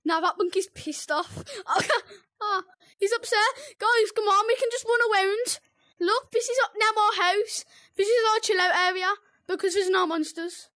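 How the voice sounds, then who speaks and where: A British gaming video host with an excitable, teasing manner, yelping and giggling while commenting on a game. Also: very high-pitched, normal speed, dry recording, studio quality. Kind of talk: excitable let's-play commentary.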